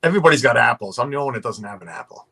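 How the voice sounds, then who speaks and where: Brief: male streamer host, bright tone, joking casual chat over a video call. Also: medium pitch, animated, rapid-fire, vocal fry. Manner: joking, rambling, laughs often. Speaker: livestream host.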